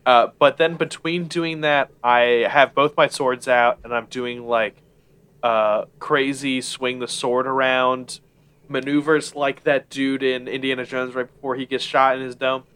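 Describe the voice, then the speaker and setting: A man's voice: mid-range voice, fairly even intonation, measured pace, fairly bright tone, clear, resonant tone. A man playing a tabletop game, describing his moves in a rambling, hesitant way. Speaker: player.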